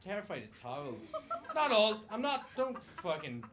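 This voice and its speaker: A man's voice: high voice, big pitch swings, moderate pace, fairly bright tone. A man with an Irish accent doing a stand-up comedy set on a club stage, self-mocking and swearing freely. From Ireland.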